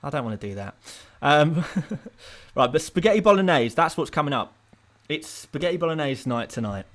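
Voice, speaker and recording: A young man from England chatting casually on a live stream, rambling and self-mocking, with bursts of playful excitement while he reads viewer comments. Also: a little high, normal speed. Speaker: fantasy football streamer.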